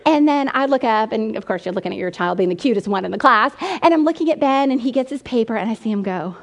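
Woman, middle-aged, animated storyteller, high-ish voice, talk with slides. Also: quick pace. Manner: animated storyteller, acts out quotes, gasps and laughs. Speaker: speaker at a mothers' event.

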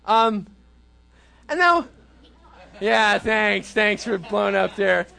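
A man's voice: sits high, lively intonation, slow pace, creaky, pushed and bright. A man speaking to a youth group in a casual sermon style, conversational and full of rhetorical questions.

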